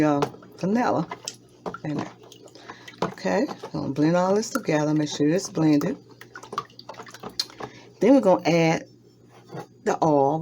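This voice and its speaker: A woman's voice: deep voice, a little mellow, a little hiss or hum. A woman, chatting with her viewers as she demonstrates a recipe in her home kitchen and repeats each step as she goes. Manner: chatty, talks straight to viewers, repeats steps. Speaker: home cooking vlogger. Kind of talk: casual cooking demonstration. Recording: clattering dishes and utensils nearby.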